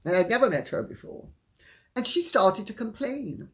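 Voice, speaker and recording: Slow, lively-voiced woman telling gossip. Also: medium pitch. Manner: chatty, candid, frank asides. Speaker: channel host. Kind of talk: gossipy storytelling.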